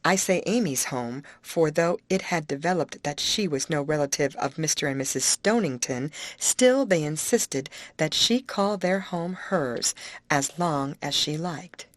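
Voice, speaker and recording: A woman narrating an audiobook in an even, measured reading style. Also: sits low, no room sound.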